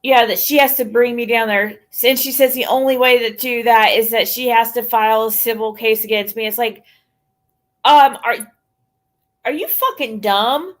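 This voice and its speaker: A woman's voice: fairly high pitch, moderate pace. A woman livestreaming a casual rant to her chat, blunt and profane, sounding exasperated as she talks things through.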